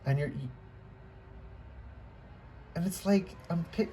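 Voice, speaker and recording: A tarot reader with a warm, mellow voice talks casually to camera from a room at home. The delivery rambles, trailing off and restarting mid-thought, and turns emotional at times. A faint computer-fan hum sits underneath. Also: mid-range voice, a little slow, pauses often.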